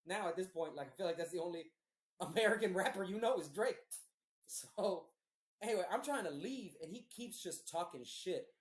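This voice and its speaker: Recorded with a roomy echo, a male podcast host tells a long story in a casual, rambling, profane way. His voice sits high and is expressive, at normal speed.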